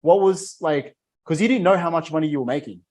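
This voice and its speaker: Man, host, slightly high voice, laid-back, casual interview, says dude. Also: brisk, a little mellow. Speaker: podcast host.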